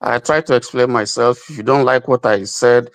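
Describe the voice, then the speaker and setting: A man speaking as a guest in a heated panel debate, halting with stammered restarts. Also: mid-range voice.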